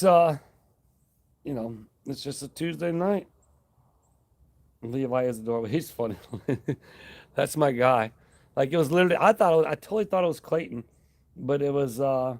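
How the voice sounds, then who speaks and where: A man hosting a casual live stream, rambling in a relaxed, friendly way, reading out viewer comments and thanking them. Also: mid-range voice.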